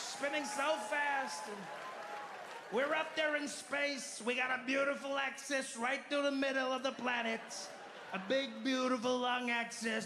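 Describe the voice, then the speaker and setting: Guy putting on a bragging old leader voice, slow and repetitive, kinda high, loud crowd noise behind. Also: reverberant. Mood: boastful. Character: boastful rambling older male leader, self-satisfied. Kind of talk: stand-up impression.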